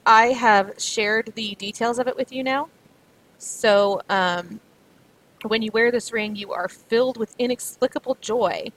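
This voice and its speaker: A woman's voice: on the high side, a little slow, a bit bright, rough recording. A woman acting as game master, narrating a tabletop game in a chatty way with many fillers. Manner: chatty, full of fillers and restarts.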